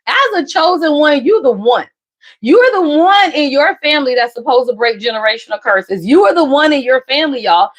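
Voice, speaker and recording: Loud, profane high-voiced woman reader. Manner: blunt, profane, repeats "y'all" constantly; sudden jumps between loud emphasis and low asides. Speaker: spiritual reader on a live stream. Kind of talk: live tarot reading stream.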